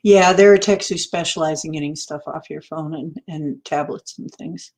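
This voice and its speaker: With a low, darkish voice and fairly even intonation at a normal pace, this livestream host chats casually with her viewers. She laughs a lot and welcomes people by name.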